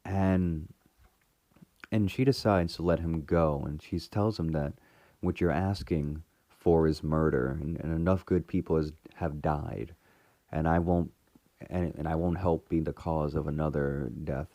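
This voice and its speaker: A man's voice: rumbling low, fairly even intonation, a little slow, mellow, no room sound. A man casually recapping a TV episode in a rambling way, full of fillers and restarts. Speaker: fan reviewer retelling a TV episode.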